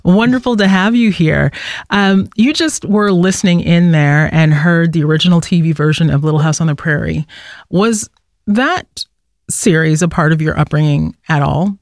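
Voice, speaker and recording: A man's voice: fairly high pitch, moderate pace, no echo, clean studio sound. A man hosting a radio show, telling stories and introducing a guest in a conversational way. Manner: conversational storytelling. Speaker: radio host.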